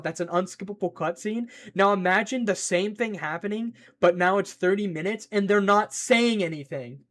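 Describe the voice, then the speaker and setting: Excitable, rambling man streaming. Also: sits high, moderate pace, few pauses. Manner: excitable, rambling, scolding his pet and reading chat. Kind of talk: casual rambling stream chat.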